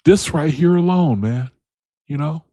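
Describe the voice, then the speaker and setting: A man's voice: a little high, measured pace, warm tone, no echo, clean studio sound. A man leading a casual video Bible study, talking straight to his viewers, repeating his points and calling them brethren and man, with speech.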